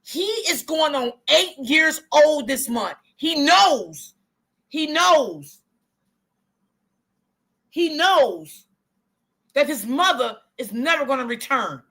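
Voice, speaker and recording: A woman's voice: high voice, big pitch swings, takes it slowly, gravelly, pauses often, a bit bright. A middle-aged woman hosting a live stream, reading the chat aloud and commenting bluntly, with plenty of cursing. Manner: blunt, profane, outspoken, talks to chat as y'all.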